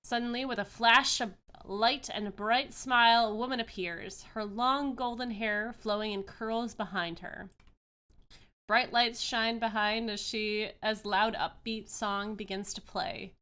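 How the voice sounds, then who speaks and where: A woman's voice: a little high, steady tone, unhurried, pushed and bright, clean tone. A woman narrating a tabletop fantasy game as game master, describing scenes with frequent fillers.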